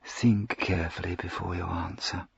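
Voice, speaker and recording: A man voicing a sinister, predatory aristocratic duke who speaks in a soft, purring, imperturbable way, dropping at times to a whisper. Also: sits low, little pitch movement, normal speed, gravelly, husky, no echo, exaggerated voice. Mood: menacing. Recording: dull lo-fi recording.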